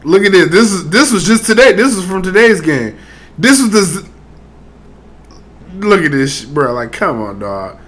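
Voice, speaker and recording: Lively, slangy man reacting to clips. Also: sits high, moderate pace, pauses often. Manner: slangy, laid-back, amused. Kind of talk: casual reaction commentary.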